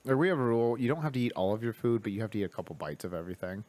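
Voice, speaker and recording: A man's voice: mid-range voice, expressive, very fast, darkish tone. A man in casual conversation, a father who tells stories about his kids, swears freely, laughs often and acts out the dialogue. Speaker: father of young children. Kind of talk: casual chat, podcast-like.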